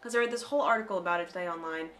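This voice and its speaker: An American woman co-hosting a casual podcast, chatty and animated, with many fillers. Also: lowish voice, very fast, slight background noise. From United States. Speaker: podcast co-host. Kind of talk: casual chat.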